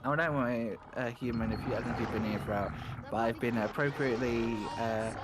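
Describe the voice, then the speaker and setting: A man's voice: medium pitch, fairly quick, over loud music. A man commentating a speedrun in casual chat, teasing his co-host and talking to chat.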